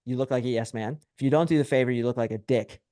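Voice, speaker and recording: Brash, animated man coaching on dating. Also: medium pitch, fast, no echo, studio quality. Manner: brash, animated storytelling with acted quotes. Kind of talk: podcast interview.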